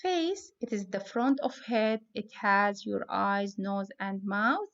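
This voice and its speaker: Slow, deliberate woman teaching phonics. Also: medium pitch, lo-fi sound. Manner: slow, deliberate, spells out letters. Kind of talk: phonics lesson for young students.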